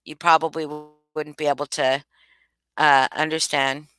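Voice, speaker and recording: A woman's voice: deep voice, level tone, moderate pace, fairly bright tone, clean tone, no echo. A woman talking casually to her live chat, emphatic and repeating her points with many restarts. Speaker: livestream commentator. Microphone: home streaming mic.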